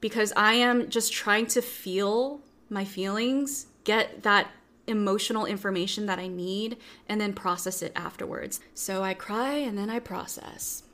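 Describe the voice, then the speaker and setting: A young adult woman, a self-empowerment coach, talking openly through a workbook, reflective with wry dark humor. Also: mid-range voice, unhurried. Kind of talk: casual workbook walk-through.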